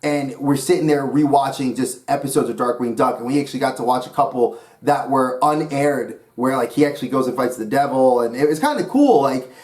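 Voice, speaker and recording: A man from New York talks casually to camera as a channel host. His voice sits at a middling pitch, and his thoughts ramble from one tangent to the next with steady enthusiasm. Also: a little fast, few pauses. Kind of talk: casual vlog talk.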